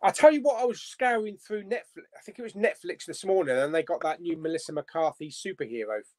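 A man, a guest on a casual live-stream chat, lively and reading out viewer comments. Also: a little high, quick pace, no echo.

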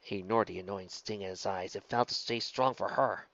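A man reading a fan fiction story aloud in steady, soft-spoken narration. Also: on the low side, brisk, creaky, dull audio. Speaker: story reader.

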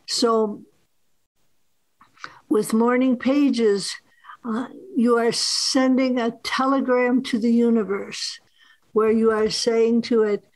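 A woman author gives a master class with a very slow, measured pace and frequent "uh" pauses. Her voice sits fairly high. The sound is dry and close. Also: steady tone, darkish tone, no room sound, rough recording. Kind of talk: workshop talk. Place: film festival master class.

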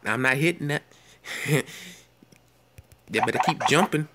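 A man giving excited live commentary while playing an online game, often out of breath and reacting loudly to each moment. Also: medium pitch, unhurried, long pauses, heavy background noise. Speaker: gaming channel host. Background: loud game music.

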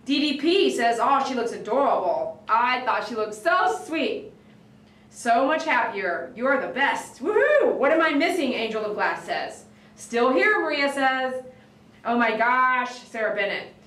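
A woman dog groomer chatting on a livestream, reading viewer comments and telling stories in an animated, excitable way that breaks into shouts. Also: high voice, measured pace, recorded from a distance. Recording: echoey room, voice away from the mic.

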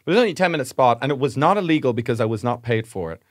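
An Irish man, a comedian co-hosting a podcast, telling a wry, self-deprecating anecdote in relaxed casual chat. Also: medium pitch, rapid-fire, dry recording, studio quality.

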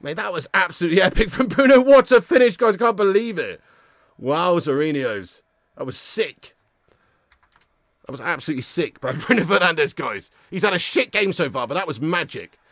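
A man commentates on a match for his viewers in a high, bright voice. He talks as a fan, swearing and laughing. The sound is close and dry, with no room around it. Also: animated, moderate pace, no echo. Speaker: football watch-along host.

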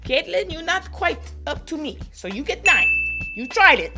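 A woman's voice: sits high, very animated, moderate pace, over loud music, pitched above the performer's own voice. A woman putting on a foreign accent and broken English to play a boastful, self-proclaimed fashion stylist. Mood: gushing. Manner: haughty, in a put-on foreign accent. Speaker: vlogger. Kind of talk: comedic persona sketch.

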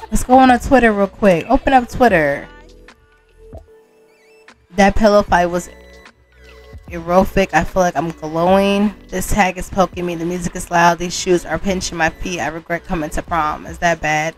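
A woman's voice: lowish voice, normal speed, darkish tone, faint music behind. A woman casually narrating her life-sim game, chatty and slangy. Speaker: Sims gameplay storyteller. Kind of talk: casual gameplay commentary.

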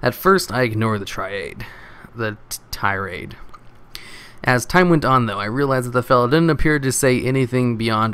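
A man narrating a story from an online post, expressive and wry, with a few stumbles over words. His voice sits at an ordinary middle pitch for a man. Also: moderate pace, smooth. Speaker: narrator reading online posts. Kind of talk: first-person story reading.

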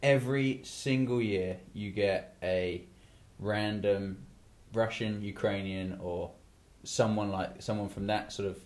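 A man's voice: lowish voice, fairly even intonation, slow, few pauses, a little mellow. A man hosting a casual talk show, rambling with many asides and restarts. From England. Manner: rambling, lots of "you know" and restarts. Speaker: podcast host. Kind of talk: casual chat.

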